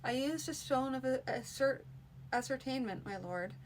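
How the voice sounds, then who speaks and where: Brief: guarded male healer in a storybook reading, quiet and polite; woman reader. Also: high voice, animated, moderate pace, a little hiss or hum.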